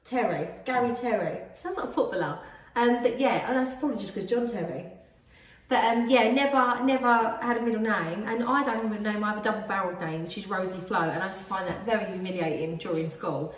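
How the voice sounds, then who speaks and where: A woman YouTube host rambles through a casual Q&A with her partner, giggling along the way. Her voice is medium-pitched and quick, recorded from a distance in an echoey room.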